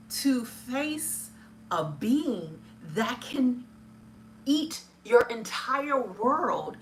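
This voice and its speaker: Chatty woman with a high voice, full of ums. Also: fairly bright tone, slight background noise. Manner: chatty, hesitant, many fillers, laughs often. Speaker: film reviewer. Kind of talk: casual live chat review.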